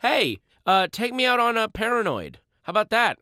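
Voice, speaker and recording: A man, a comedian guest, musing in a dry, deadpan way during a radio interview. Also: high voice, normal speed, no echo, soft background music. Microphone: studio microphone.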